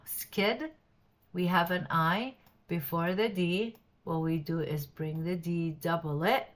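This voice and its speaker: A woman's voice: on the low side, a bit bright. A woman who speaks Arabic natively, teaching English grammar in a casual video lesson and checking in with "okay?". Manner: explains patiently, checks in with "okay?".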